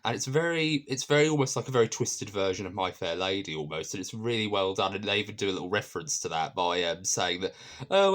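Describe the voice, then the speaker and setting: A man's voice: fairly low pitch, a bit bright. A man giving a casual spoken review of a TV episode, chatty and earnest, with many fillers and restarts.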